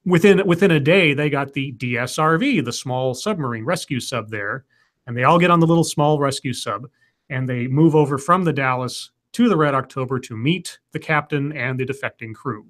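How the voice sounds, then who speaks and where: A man's voice: medium pitch, normal speed, fairly bright tone. A man casually retelling a film plot as a podcast co-host, rambling with fillers and restarts. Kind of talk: casual movie recap chat.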